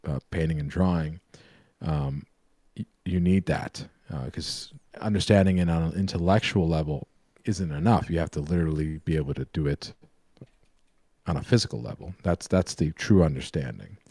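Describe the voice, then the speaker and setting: A man's voice: very deep voice, normal speed, dark tone, husky, no room sound, studio quality. A man co-hosting a live painting stream, explaining drawing in a rambling, self-correcting way. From New York. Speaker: co-host, painter and drawing teacher. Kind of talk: casual live-stream chat.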